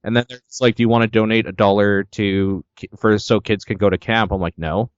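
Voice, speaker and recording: A man's voice: on the low side, fairly even intonation, brisk, smooth, no echo. A man co-hosting a podcast in casual chat, blunt and profane, ranting with glee. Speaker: podcast co-host. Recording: slightly dull dry sound.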